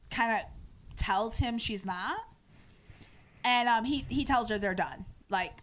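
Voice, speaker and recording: A woman's voice: a little high, slow, pauses often, fairly bright tone. A woman podcast host in a casual recap chat, retelling scenes with lots of fillers and acting out the quoted lines. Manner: frequent "um" and "like" fillers, casual swearing.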